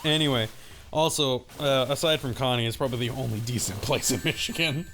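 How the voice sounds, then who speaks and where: This young man talks briskly in a medium-pitched, fairly bright voice, with slight background noise. A co-host of a gaming channel, he tells a loose, rambling story while playing, laughing along and doing impressions of the other people in it.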